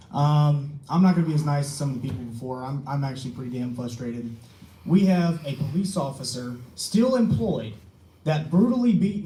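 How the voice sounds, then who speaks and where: A man's voice: sits high, dark tone. A young man speaking angrily at a city council public comment, emphatic and swearing, with rhetorical questions, in an echoey chamber.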